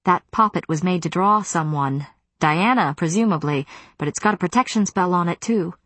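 A woman voicing a brisk, practical older witch. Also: fairly low pitch, a bit bright, no room sound.

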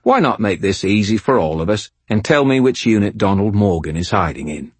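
A man's voice: lowish voice, big pitch swings, brisk, darkish tone, slightly rough, no room sound. A man putting on a gloating Cockney wizard-for-hire. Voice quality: smug, mocking, cheerfully condescending. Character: cheerful menacing Cockney male wizard-for-hire.

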